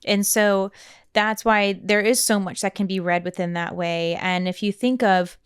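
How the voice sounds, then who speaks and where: A woman's voice: medium pitch, steady tone, moderate pace, clear, resonant tone, dry recording, clean studio sound. A woman guest on a podcast, earnestly explaining ideas in casual talk and sometimes searching for words. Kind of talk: casual chat.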